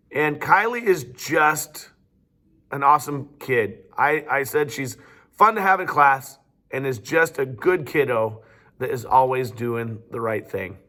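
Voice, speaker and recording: Bright, upbeat male teacher. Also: mid-range voice. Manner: upbeat and chatty, with fillers. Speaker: teacher presenting student awards. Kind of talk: school announcements.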